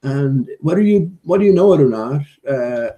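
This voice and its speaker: A man's voice: a little high, lively intonation, normal speed, gravelly, dark tone, dull audio. A man chatting casually in a vlog, rambling with many fillers and restarts and playfully scolding his dog between thoughts. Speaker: vlogger.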